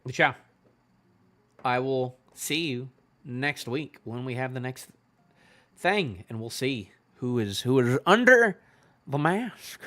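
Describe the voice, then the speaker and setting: Male host, mid pitch, bright tone; casual rambling reaction commentary, lots of "you know", trails off. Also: animated, slow pace, pauses often. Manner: low-key and trailing off. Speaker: manga reaction channel host.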